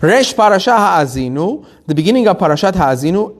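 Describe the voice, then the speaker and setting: A rabbi gives a Torah lesson in a high, bright-sounding man's voice. He tells the story with energy and acts out the quoted lines as he goes. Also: brisk. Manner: animated storytelling, acting out quotes. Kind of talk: Torah class sermon.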